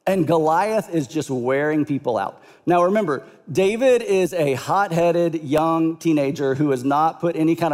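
A male pastor tells a story in a sermon, animated and conversational, with quick swings in delivery. His voice sits fairly high for a man, and a long reverb trails through a large sanctuary.

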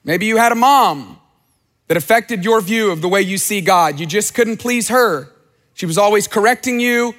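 Guy with a pretty high voice giving a sermon, chatty, repeats himself for emphasis, big echoey church. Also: expressive, moderate pace, fairly bright tone. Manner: conversational preaching, repeats phrases for emphasis. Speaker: pastor. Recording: long reverb of a hall.

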